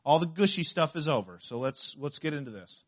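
A man preaching a sermon to a congregation, reading scripture aloud slowly and asking the listeners questions. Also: fairly high pitch, expressive. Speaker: pastor.

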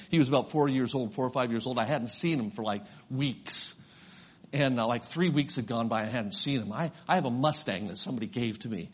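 A man's voice: mid-range voice, a little fast, slightly rough. An older man, a grandfather and pastor, preaching a sermon, telling a personal story and rising to fervent preaching.

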